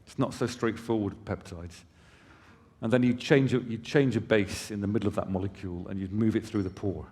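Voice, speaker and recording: Speaking fairly quickly in a somewhat low voice, a company presenter addresses a conference hall from the stage, keeping his explanations casual and peppered with off-hand remarks to the crowd. Each phrase rings out with long hall reverb.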